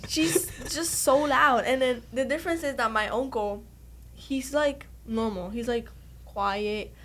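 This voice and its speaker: Woman, highish voice, playful anecdotal group talker. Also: unhurried, a bit bright. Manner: playful family storytelling. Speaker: student or staff member. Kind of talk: casual group chat.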